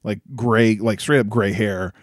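A man co-hosting a podcast in casual chat, animated and laughing often, with many "like" fillers. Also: lowish voice, measured pace, dry recording, clean studio sound. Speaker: podcast co-host.

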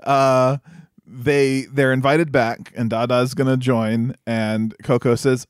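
A man's voice: medium pitch, flat delivery, takes it slowly, smooth, no room sound, clean studio sound. A man co-hosting a podcast, casually recapping a movie, laughing often, swearing and acting out the characters' lines. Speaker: podcast co-host.

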